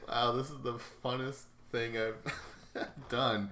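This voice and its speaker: A man's voice: mid-range voice, little pitch movement, slow, sharp tone. A man hosting a podcast, recapping a reality show in a loose, profane, rambling way and mimicking the people he talks about. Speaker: podcast host. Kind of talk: casual episode recap. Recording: roomy echo with faint noise.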